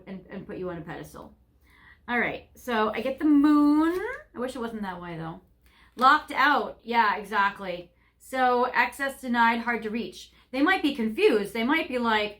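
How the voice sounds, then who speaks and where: A woman's voice: medium pitch, a little slow, a bit bright. A woman giving a casual tarot card reading, chatty and rambling, with lots of fillers. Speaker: tarot reader.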